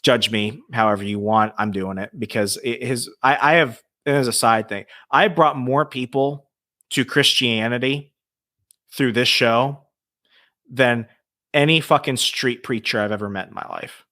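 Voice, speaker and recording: A man's voice: medium pitch, a little slow, no echo, studio quality. A man telling ghost stories as a podcast guest, casual and profane, acting out quotes from the people in them. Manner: profane, animated storytelling with acted-out quotes. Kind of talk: casual storytelling.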